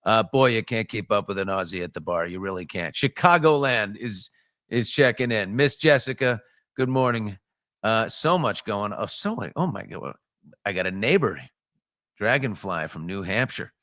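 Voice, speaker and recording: A man's voice: animated, moderate pace, dry recording, clean studio sound. Upbeat male morning show host. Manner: upbeat, shouting out viewers with jumps in pitch. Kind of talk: casual morning show chat. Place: home studio.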